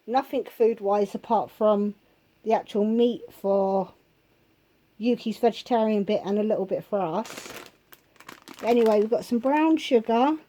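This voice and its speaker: A woman with a blocked nose from a cold, sounding nasal as she chats through a shopping haul vlog, listing prices with many pauses and ums. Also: medium pitch, dark tone, rough recording. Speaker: vlogger.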